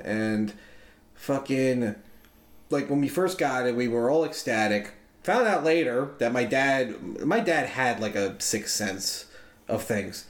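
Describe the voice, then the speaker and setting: A man's voice: medium pitch, animated, slow. A man telling a long, rambling story to friends in casual chat, swearing freely and loosely. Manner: profane, rambling, loose and chatty. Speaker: podcast co-host. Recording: roomy echo.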